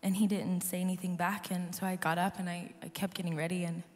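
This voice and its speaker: Hoarse woman testifying in a big hall. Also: fairly low pitch, little pitch movement, fast talker. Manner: earnest, storytelling, talks to the crowd. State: hoarse, losing her voice. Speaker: worship leader giving a testimony. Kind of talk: personal testimony to a live audience. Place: large conference hall. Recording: live hall reverb with soft music.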